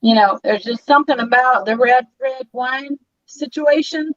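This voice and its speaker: A woman's voice: high voice, moderate pace, fairly bright tone, dry recording, dull audio. A woman playing a boastful, boozy male show-off with a cigar and wine in a live comedy parody, crude and rambling. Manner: brash, rambling, crude, loses her train of thought.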